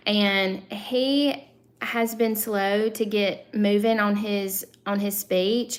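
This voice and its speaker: A woman in her thirties chats on a casual live stream in a thick Southern accent. She rambles, with frequent ums and self-corrections, and her pitch sits in a comfortable middle range. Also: fairly bright tone. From Southern United States. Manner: chatty and rambling, many fillers and self-corrections. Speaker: channel host.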